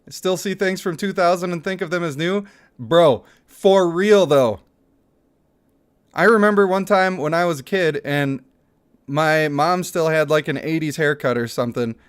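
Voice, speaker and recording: A man's voice: fairly high pitch, normal speed, smooth. A man in his thirties chatting casually on a livestream, reading out chat messages and laughing often. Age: 30s.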